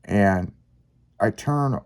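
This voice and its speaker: A man's voice: lowish voice, expressive, very slow, darkish tone, clean tone. Profane rambling man telling a story. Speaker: podcast host. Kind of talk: casual storytelling chat.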